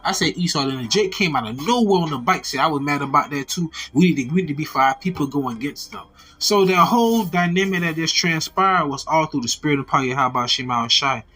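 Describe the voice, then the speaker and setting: Husky-voiced man telling a story. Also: a little high. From Alabama. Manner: animated, acts out quoted voices, repeats "I said". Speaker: storyteller giving a testimony. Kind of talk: casual spoken testimony.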